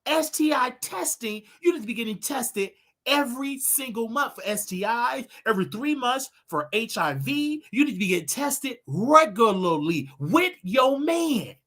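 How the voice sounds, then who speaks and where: A man hosting his own livestream show, talking casually in a preachy, animated way with laughing asides. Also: extremely high pitch, moderate pace.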